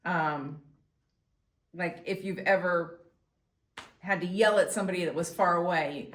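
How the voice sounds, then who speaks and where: A woman's voice: lowish voice, unhurried. A woman flute teacher explaining technique in a patient, instructional way. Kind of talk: instructional demonstration. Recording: echoey room with faint noise.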